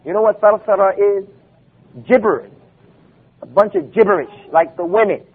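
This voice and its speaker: A man's voice: sits high, normal speed, breathy edge. A man giving an Islamic lecture, emphatic and full of rhetorical questions, quoting Arabic texts. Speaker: preacher. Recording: phone-like lo-fi recording.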